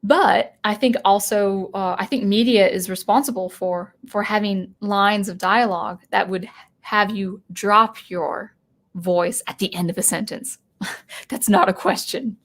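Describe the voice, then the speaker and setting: Female streamer, mid-range voice, unscripted commentary, thinks out loud with frequent restarts. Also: medium pitch, fairly even intonation. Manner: thinking aloud, halting with restarts. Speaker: channel host and teacher. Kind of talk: live-stream commentary answering chat.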